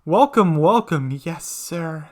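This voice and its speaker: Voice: medium pitch, lively intonation, slow, darkish tone. Fawning merchant put on by the narrator, eager and oily. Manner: obsequious. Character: fawning male slave merchant.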